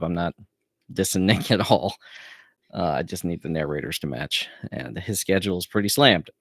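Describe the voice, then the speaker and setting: A man, an author at home, chatting casually and quickly on a live stream with mumbled asides before reading his novel. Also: sits low, gravelly, dry recording.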